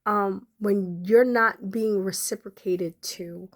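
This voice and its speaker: A woman's voice: medium pitch, steady tone, takes it slowly. Podcast host, woman in her forties, emotional, on the verge of tears, speaks straight to her listeners. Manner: emotional, near tears, fighting back crying; conversational, addresses listeners directly. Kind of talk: emotional personal talk to followers.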